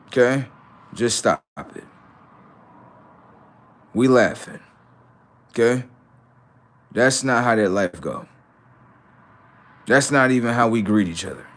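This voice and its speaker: A man's voice: medium pitch, slow, pauses often, fairly bright tone. A man hosting a casual livestream, mocking and scolding his chat with teasing, repetitive remarks. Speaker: livestream host.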